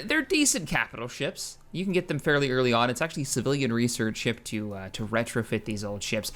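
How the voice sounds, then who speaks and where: A man hosting casual gameplay commentary, excitable and rambling, often correcting himself mid-sentence. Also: a little high. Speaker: gaming channel host.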